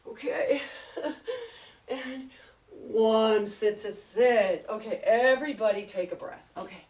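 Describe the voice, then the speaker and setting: A woman's voice: on the high side, a little slow, a little mellow. A woman fitness trainer leading an exercise class, chatty and upbeat, counting reps aloud and getting out of breath. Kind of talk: live exercise class instruction. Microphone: camera at a distance. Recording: echoey room, voice far from mic.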